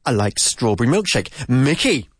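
A man teaching vocabulary to Spanish speakers in a relaxed, chatty way, repeating words slowly to drill their pronunciation. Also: medium pitch, breathy edge, dry recording, studio quality. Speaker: English teacher. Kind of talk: casual language lesson.

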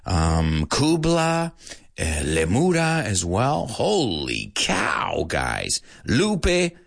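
A man hosting a live-streamed English lesson, playful and animated, dropping into Spanish asides now and then. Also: on the low side, very slow, creaky. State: out of breath at times.

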